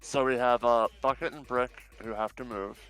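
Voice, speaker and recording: A man acting as game master in a tabletop game, relaxed, with plenty of fillers and easy laughs. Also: medium pitch, moderate pace, clear, resonant tone, soft background music, rough recording.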